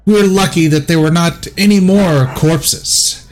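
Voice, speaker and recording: A man voicing an indignant male interrogator in a tabletop game, speaking formally and a little higher than his usual voice. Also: measured pace, natural voice. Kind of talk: game master voicing a character.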